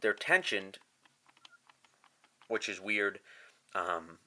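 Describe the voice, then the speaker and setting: Man, stuffed-up nose, deep voice, halting rambling hobby review. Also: lively intonation, bright, forceful tone. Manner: rambling, halting with many restarts. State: stuffed up, congested. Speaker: scale-model reviewer. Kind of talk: casual product review.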